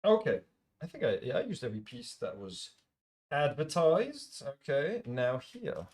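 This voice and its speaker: A man's voice: on the high side, very animated, moderate pace, a little mellow. A man streaming a LEGO build, chatting casually, muttering piece counts to himself and swearing now and then. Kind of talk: casual live-stream chat.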